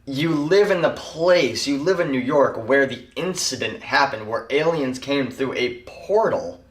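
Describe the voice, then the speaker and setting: A man's voice: medium pitch, animated, unhurried. A man giving a rambling, casual spoken TV show review, full of fillers. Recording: echoey room, mic far off.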